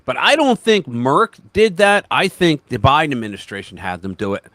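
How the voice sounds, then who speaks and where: An American man runs a political livestream, casual and emphatic, constantly restarting his sentences, talking over himself, and slipping into quoted voices. His pitch swings widely as he gets animated. He speaks at a normal speed, and the recording is dry and close with almost no room sound.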